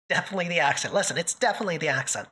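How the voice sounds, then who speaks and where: A woman's voice: fairly low pitch, very fast, sharp tone, husky. A woman streamer from Canada in casual live chat, playful and self-mocking, laughing often.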